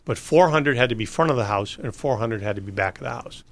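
A man's voice: medium pitch, lively intonation, quick pace, vocal fry. A man telling long, rambling stories in a casual interview, laughing and restarting as he goes. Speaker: interview guest. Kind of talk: casual storytelling.

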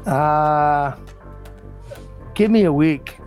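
A man co-hosting a casual podcast, talking in a halting, loose way full of fillers. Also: fairly high pitch, darkish tone, soft background music. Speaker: podcast co-host.

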